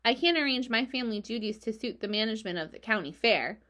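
Woman voicing a calm, wise storybook spider. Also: on the high side, quick pace. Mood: firm. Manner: matter-of-fact and firm, a bit louder than the narration. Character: grown female spider, calm, wise and self-assured.

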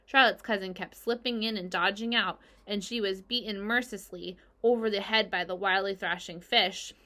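A woman's voice: medium pitch, fairly even intonation, normal speed, bright, forceful tone, close to an everyday voice. A woman voicing an imaginative young farm girl who insists eagerly on her tales.

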